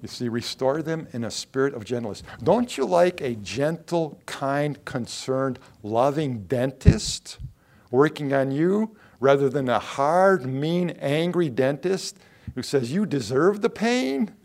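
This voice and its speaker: A man's voice: medium pitch, lively intonation, unhurried, darkish tone. A man preaching a sermon in a conversational way, asking the listeners questions and acting out short quotes. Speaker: pastor.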